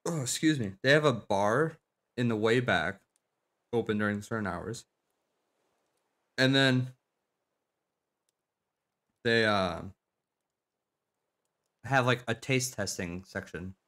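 Man from South Dakota, gaming streamer, casual chat, animated storytelling, swears a lot. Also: lowish voice, slow, long pauses.

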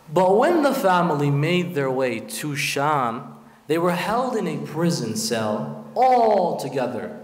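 A man delivering a Muharram sermon, telling the story dramatically and voicing the figures in it. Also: medium pitch. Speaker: preacher. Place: large prayer hall. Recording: roomy hall echo.

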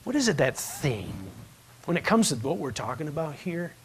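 A man's voice: a little high, very animated, normal speed, a little hiss or hum. A pastor in a church, preaching in a loose conversational way and acting out the people in his stories. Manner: conversational storytelling, acts out voices in his stories. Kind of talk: sermon. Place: church sanctuary.

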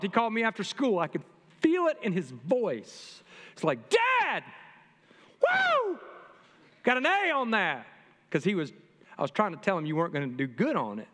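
A middle-aged man, a pastor, preaching a sermon to his congregation in a lively, humorous way that speaks straight to the people. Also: high-pitched. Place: church sanctuary. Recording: long reverb from a church hall.

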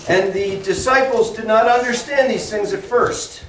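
Man, children's Sunday school teacher, animated storytelling, slow, echoey classroom, distant mic, faint hiss. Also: high-pitched. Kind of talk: Bible story lesson for children. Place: church classroom.

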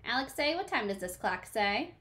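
Teacher reading a picture book, lively pitch. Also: female voice, moderate pace. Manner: questioning, encouraging, addressing children by name.

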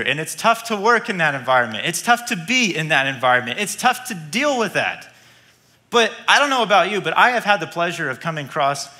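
A man preaches a sermon in a bright, ringing voice that sits high for a man. He drives his points home with energy, repeating key lines and restarting sentences as he goes. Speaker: pastor.

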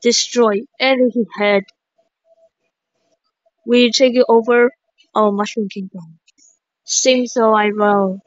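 Excitable gamer woman, slow and higher voiced, dry dull lo-fi mic. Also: no echo. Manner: excitable, shrieking exclamations, repeats words. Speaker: gaming commentator. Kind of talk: excited gameplay commentary.

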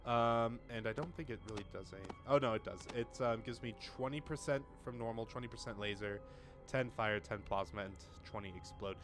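A young man giving casual let's-play commentary, swearing often and swinging between muttering and excited outbursts. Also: mid-range voice, fairly quick, soft background music.

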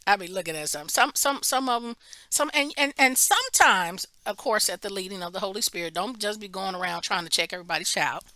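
A woman's voice: mid-range voice, a little fast, no room sound. A woman preacher teaching a Bible study, telling a story animatedly and acting out the people in it, with emphatic restarts. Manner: animated storytelling, acts out quoted voices.

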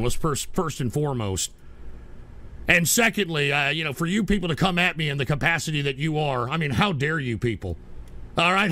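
A man hosting a livestream talk show while sick, ranting in exasperation and bursting into shouts. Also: a little high. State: sick, coughing. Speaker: show host.

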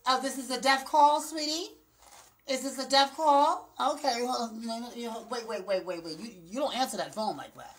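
Brash, sassy woman with a bright voice. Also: normal speed. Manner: brash, profane, campy, repeats "girl" and "honey" constantly; swings between loud bursts and low muttered asides. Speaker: vlogger. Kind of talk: sassy off-the-cuff rant to camera. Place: indoors, small room. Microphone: phone camera at arm's length.

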